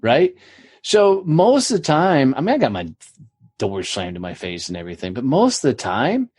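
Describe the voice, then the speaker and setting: A man's voice: mid-range voice, wildly swooping pitch, moderate pace, darkish tone, slightly rough, no room sound. A man telling his story on a podcast in a blunt, profane, storytelling way. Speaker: podcast guest. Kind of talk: casual podcast chat.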